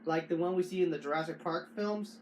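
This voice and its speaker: A man hosting a casual how-to video, talking in halting bursts with frequent restarts and fillers. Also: sits high, a little hiss or hum. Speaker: tutorial host.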